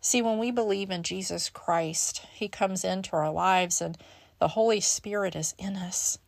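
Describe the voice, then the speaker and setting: A woman's voice: mid-range voice, measured pace, vocal fry, dry recording. Earnest woman reading scripture, dry sound. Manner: earnest, stumbles over repeated words. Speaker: podcast host. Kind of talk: devotional scripture reading and reflection.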